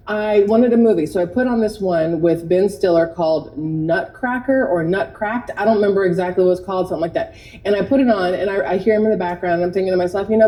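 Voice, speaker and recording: A woman's voice: medium pitch, dark tone, low-quality recording. A woman hosting an opinion commentary vlog, talking in a chatty, sarcastic and indignant way. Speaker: commentary host.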